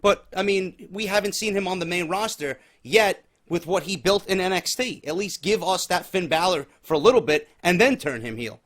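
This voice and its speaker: A man's voice: high voice, lively intonation, moderate pace, few pauses, a bit bright. Skeptical male podcast host. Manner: questioning, skeptical. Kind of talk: casual wrestling talk.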